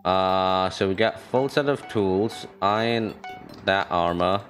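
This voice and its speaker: Excitable young man streaming a game. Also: sits low, takes it slowly, soft background music. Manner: excitable, trash-talking, repeats phrases. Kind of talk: gaming stream commentary.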